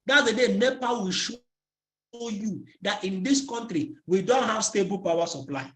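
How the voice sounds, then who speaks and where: A network marketing trainer with a Nigerian English accent gives a motivational talk in a high voice with lively intonation, at normal speed, slightly bright, in an echoey room. He drills his audience with repeated questions and has them fill in the ends of his sentences.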